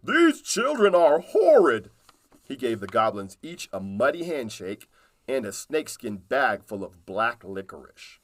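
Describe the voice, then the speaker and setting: A man reading a children's storybook aloud in a calm, unhurried way. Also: on the low side.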